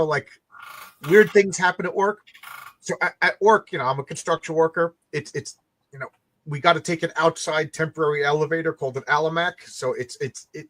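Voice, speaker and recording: A man with a slightly high, somewhat bright voice, a comic creator who also works construction, tells a rambling story in casual chat. He stumbles and stammers, frequently restarting his sentences.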